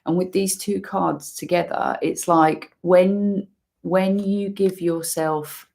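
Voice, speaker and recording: A woman giving an intuitive tarot reading, musing slowly and using many fillers as she talks through the cards. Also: lowish voice, steady tone, vocal fry, a little mellow. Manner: slow, musing, full of fillers. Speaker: tarot reader.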